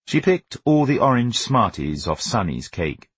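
A man reading a novel aloud as an audiobook narrator, with an expressive, wry storytelling manner. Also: mid-range voice, a little slow, husky, dry recording. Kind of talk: scripted narration.

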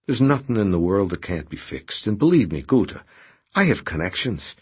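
A man's voice: fairly low pitch, big pitch swings, normal speed, husky. A man voicing a friendly middle-aged man who earnestly reassures. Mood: reassuring.

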